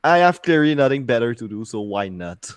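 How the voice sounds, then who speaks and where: A man's voice: medium pitch, sing-song, a little fast, crowd noise. A man in casual podcast chat, blunt and dry, swearing often.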